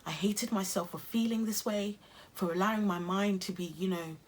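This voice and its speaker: A young adult YouTuber from England speaks earnestly and encouragingly to camera in a self-care vlog, with an English accent. Her voice is medium-pitched, with fairly even intonation and normal speed.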